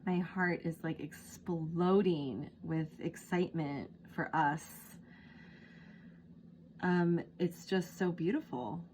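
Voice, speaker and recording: A woman's voice: on the low side, steady tone, slow, a little mellow, slight background noise. A woman giving a casual tarot reading, emotional and gushing, full of fillers like "like" and "um", moved to tears. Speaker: tarot reader.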